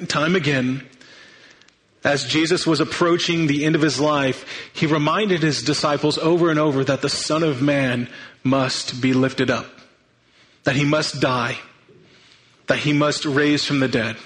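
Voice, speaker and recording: Guy giving a sermon, kinda high voice, earnest, restarts his sentences a lot. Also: fairly even intonation, measured pace, fairly bright tone, low-quality recording. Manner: earnest, thinking aloud with restarts. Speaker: pastor.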